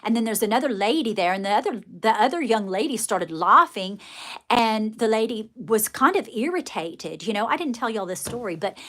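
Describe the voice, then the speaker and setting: Her fairly high, slightly bright voice carries lively intonation at a normal speed. In a casual live stream she spins a rambling tale for her viewers, speaking to them directly in a folksy, chatty manner packed with fillers and restarts.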